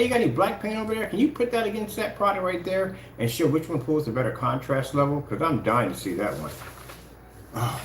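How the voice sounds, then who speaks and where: A man's voice: medium pitch, slight background noise. A man giving casual, taunting livestream commentary, full of sing-song mockery. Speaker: channel host.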